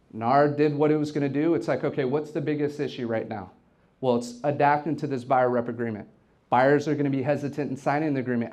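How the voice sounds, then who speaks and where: Energetic man giving a motivational talk. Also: fairly high pitch. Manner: energetic, storytelling, repeats words when excited. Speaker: event host and real estate team leader. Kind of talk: motivational speech to a live audience. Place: office event space with an audience.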